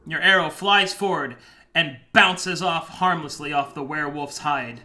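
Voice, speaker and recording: A man's voice: a little high, a little slow, sharp tone, slight background noise. A man narrating as game master of a tabletop game, setting the scene for the players.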